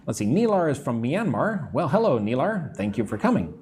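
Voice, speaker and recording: An American man teaching English on a live stream, speaking slowly and clearly, repeating words for practice and greeting viewers from the chat. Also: mid-range voice, big pitch swings, darkish tone, a little hiss or hum. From United States.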